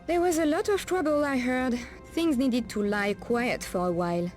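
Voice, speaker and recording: Actress voicing a guarded street woman, French accent, French pet names, higher voice. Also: moderate pace, a little mellow, soft background music, natural voice. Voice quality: sprinkles French endearments. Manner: guarded, cautionary. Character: streetwise adult woman working the night streets, wary.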